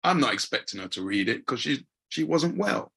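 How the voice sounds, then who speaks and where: A middle-aged man hosting a podcast, telling a personal story in an animated way. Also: mid-range voice, normal speed, creaky, breathy edge. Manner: animated, acts out voices in anecdotes. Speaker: podcast host. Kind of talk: conversational storytelling.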